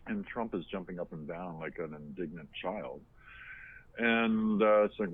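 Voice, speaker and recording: A man's voice: sits low, measured pace, husky. A man co-hosting a podcast in casual, opinionated chat, rambling with lots of fillers and restarts, heard over a tinny phone-like line. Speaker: podcast co-host.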